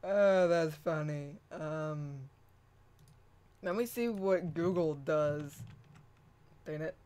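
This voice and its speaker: A woman's voice: low-pitched, drawn-out words, dark tone. A woman hosting her own channel, chatting casually, laughing often and restarting her sentences. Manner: laughing, rambling, with repeated restarts. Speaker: channel host. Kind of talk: casual vlog chat.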